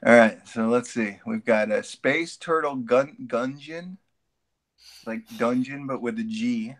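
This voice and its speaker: A man's voice: mid-range voice, unhurried, no echo. A man chatting and joking over a video call, rambling and muttering to himself while fixing his computer. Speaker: guest artist. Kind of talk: casual chat during a video call.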